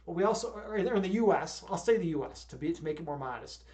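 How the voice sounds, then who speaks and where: A man's voice: on the high side, expressive, fast talker, a little mellow. A young man from Chicago with a Chicago accent, chatting casually on a livestream and rambling with lots of restarts. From Chicago, USA. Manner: rambling, many restarts and fillers. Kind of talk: casual stream chat.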